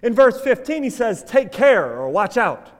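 Male pastor preaching in a church; unhurried, wide-ranging voice that jumps from loud emphasis to soft asides. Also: very high-pitched, long reverb tail. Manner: animated preaching, swinging from loud emphasis to quiet asides, telling a joke story. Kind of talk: sermon. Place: church sanctuary.

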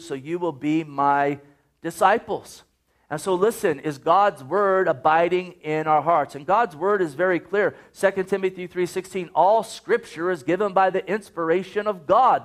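Male pastor, middle-aged, high-pitched, fervent sermon delivery that slows for emphasis. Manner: fervent preaching, slows for emphasis, repeats scripture.

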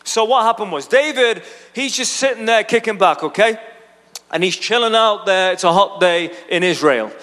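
A man's voice: high-pitched, animated, normal speed, a bit bright. A man preaching a sermon, telling a story in a casual, chatty way with frequent asides to the congregation. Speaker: pastor. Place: church auditorium. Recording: long reverb of a large hall.

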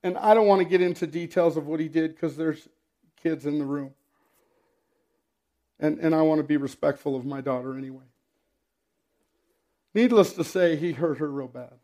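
A middle-aged pastor preaches to his congregation, telling a personal story in a plain, conversational way. His voice sits high for a man, and he breaks up his sentences by clearing his throat and dropping in dry, wry humor. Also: normal speed, pauses often, dark tone. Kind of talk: sermon.

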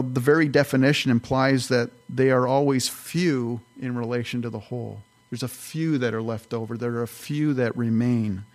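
A man's voice: mid-range voice, a little mellow. A man, a pastor, teaching through a Bible passage verse by verse in a conversational, explanatory way.

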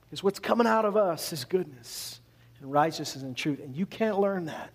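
A man from Canada preaching a sermon in a conversational, animated way, full of rhetorical questions. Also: fairly high pitch, normal speed. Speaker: pastor.

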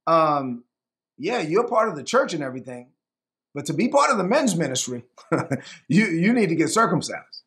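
A man's voice: on the high side, very animated, moderate pace, fairly bright tone. A man doing a pushy, casual churchgoer. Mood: insistent. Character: pushy male churchgoer, matter-of-fact.

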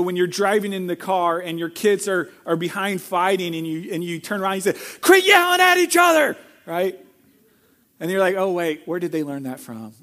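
A middle-aged man with a fairly high voice preaches a sermon as pastor. He speaks earnestly and directly to the congregation. He sometimes jumps into acted-out quotes at a much louder level. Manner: earnest, acts out quoted lines with sudden loud outbursts.

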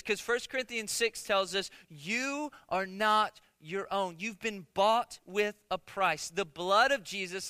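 A man's voice: high voice, sharp tone, clear, resonant tone, no room sound. A man preaching a conversational sermon as pastor, joking with the congregation, stumbling into restarts and often asking "right?". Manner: conversational, jokey, many restarts and rhetorical "right?".

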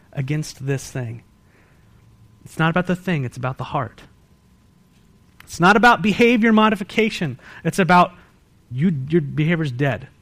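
A man with a high voice delivers a sermon as pastor of his church. His delivery swings from loud, rising bursts to quiet, hushed emphasis. He leans on rhetorical questions aimed straight at his listeners. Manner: pleads with rhetorical questions to the congregation. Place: church service.

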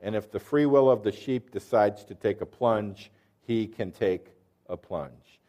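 A man's voice: on the low side, a little slow, dark tone. A man preaching a sermon, explaining verses earnestly and quizzing his listeners with questions. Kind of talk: sermon with quiz questions to the audience.

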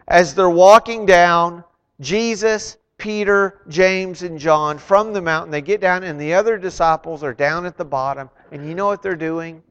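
A man preaching a sermon, retelling scripture dramatically and swinging between loud emphasis and hushed asides. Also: high-pitched, smooth. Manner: dramatic, voices the figures in the stories he retells. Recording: long hall reverb.

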